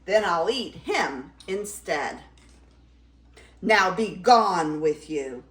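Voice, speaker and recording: A woman's voice: mid-range voice, sing-song, drawn-out words. A grandmother voicing a big, ugly, hungry male troll who roars and growls his threats in a read-aloud story. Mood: roaring, greedy. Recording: roomy echo.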